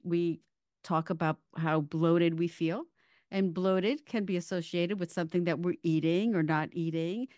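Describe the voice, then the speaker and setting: A woman's voice: lowish voice, a little mellow, dry recording, clean studio sound. A woman hosting a wellness podcast, chatting casually and frankly with her guest. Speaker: podcast host. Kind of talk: casual interview chat.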